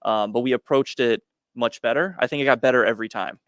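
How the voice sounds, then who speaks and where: A man's voice: medium pitch, fast talker, a bit bright, dry recording, studio quality. A man being interviewed as an entrepreneur on a podcast, answering in a plain, matter-of-fact way with frequent "um" and "uh.". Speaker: guest entrepreneur.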